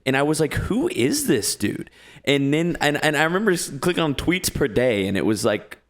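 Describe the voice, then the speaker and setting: A man's voice: a little high, lively intonation, a little fast, fairly bright tone. A man hosting a casual podcast chat, rambling and asking questions between fillers. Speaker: podcast host.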